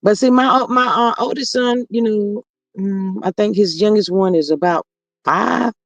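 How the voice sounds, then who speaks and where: Woman, middle-aged grandma, livestream host, chatty and homespun, gravelly voice, dry close mic. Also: medium pitch, moderate pace, no room sound. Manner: chatty and homespun, reads comments aloud, says "Lord have mercy" often. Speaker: livestream host reading viewer comments. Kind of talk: casual livestream chat.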